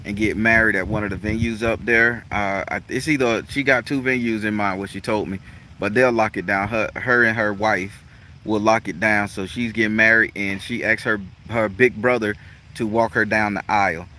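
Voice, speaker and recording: A man's voice: lowish voice, fairly even intonation, normal speed. A man chatting casually and profanely to his viewers outdoors, laughing often. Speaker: spiritual practitioner and channel host. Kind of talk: casual vlog chat to viewers. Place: outdoors in a rural natural setting. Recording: loud outdoor noise.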